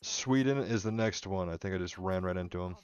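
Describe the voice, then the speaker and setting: A man's voice: deep voice, a little fast, darkish tone, lo-fi sound. A man streaming a strategy game live, chatting casually and rambling with his viewers as he plays. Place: home room.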